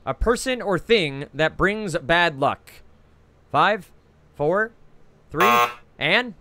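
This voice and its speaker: A man with a New Jersey accent hosts a trivia quiz over a video call, reading each clue twice before calling on players. His voice sits a bit high and swings lively up and down. The sound is close and dry, with no room around it. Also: dry recording. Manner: reads each clue twice, brisk and chatty, with frequent "uh". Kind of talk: reading trivia clues and scoring.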